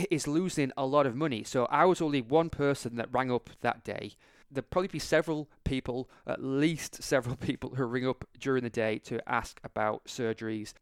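A man tells a story on his podcast in a casual, animated way, stumbling and restarting as he goes. His voice is smooth and resonant, recorded dry and close with no room sound. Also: medium pitch, no room sound. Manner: chatty, animated anecdote with frequent restarts. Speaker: podcast host and optometrist.

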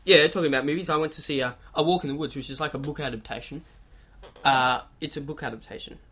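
A man with a slightly raised voice, co-hosting a casual chat podcast. He talks loosely, teases his friend and swears freely. It sounds like relaxed banter between mates. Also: a little high, quick pace, breathy edge. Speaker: podcast co-host.

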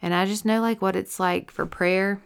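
A young woman sharing her stroke recovery as a personal testimony, emotional and halting, full of fillers and restarts, teary and yawning. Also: medium pitch, steady tone, gravelly, clean tone.

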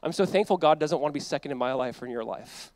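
A man's voice: on the high side, quick pace, a little mellow, no room sound. A male pastor preaching a sermon in a conversational way, full of asides and acted-out quotes. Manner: conversational preaching, acts out quoted voices, frequent "like".

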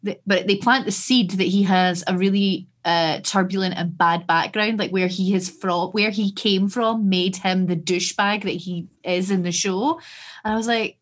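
Scottish woman, podcast co-host, casual chat, animated, sweary. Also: medium pitch. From Scotland. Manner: animated, sweary, quick asides.

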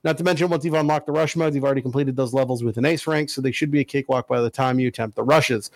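Fast-talking male podcast co-host. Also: medium pitch, no echo. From Italian heritage. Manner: fast, animated, mock-angry ranting. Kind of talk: casual chat, reading listener emails.

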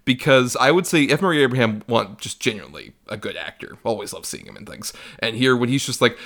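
A man's voice: mid-range voice, big pitch swings, creaky, fairly bright tone. Laughing man riffing on bad movies. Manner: laughs often, mocks actors with quick impressions. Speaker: podcast co-host. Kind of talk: casual movie review chat.

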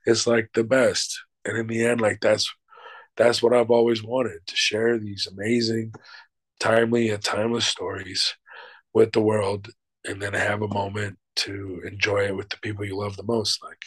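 A man's voice: lowish voice, level tone, normal speed, a bit bright, husky, no room sound, rough recording. A middle-aged man, an actor and showrunner, answering interview questions in a loose, emphatic way, swearing freely and using many fillers.

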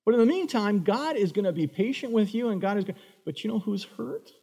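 A male pastor delivers a sermon with a somewhat high voice. He brings the story to life by acting out its characters. His voice rings out with the long reverb of a large hall. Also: brisk, creaky, slightly rough. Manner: animated, acts out voices of Bible figures.

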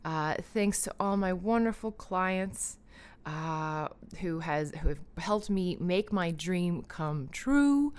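A woman in her thirties hosts a podcast, her voice low and smooth. She rambles warmly through thanks, with frequent ums and restarts. Her tone is emotional and sincere. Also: lively intonation, slow pace. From Canada. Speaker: podcast host and breathwork guide. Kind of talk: casual heartfelt thank-yous, then guided breathing.

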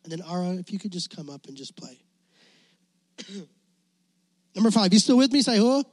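Man, preacher, impassioned sermon, high-pitched, dry close sound. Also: big pitch swings, normal speed, dry recording. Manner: impassioned preaching, rising to near shouting. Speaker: youth pastor.

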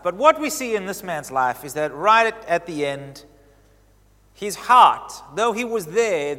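Animated preacher, man, in a reverberant hall. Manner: animated, acts out quoted lines with swings in pitch and loudness. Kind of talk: sermon.

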